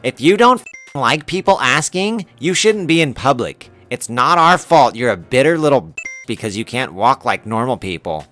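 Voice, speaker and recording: A man's voice: lowish voice, expressive, normal speed, few pauses, fairly bright tone, soft background music. A man voicing a furious entitled middle-aged mother who screams insults. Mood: screaming.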